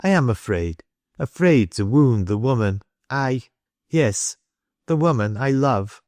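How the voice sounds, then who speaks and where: A man's voice: medium pitch, expressive, slow, a little mellow, dry recording, pitched above the performer's own voice. A man voicing a determined young engineer in an audiobook, in a firm, resolute manner close to his own voice. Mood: self-reproaching.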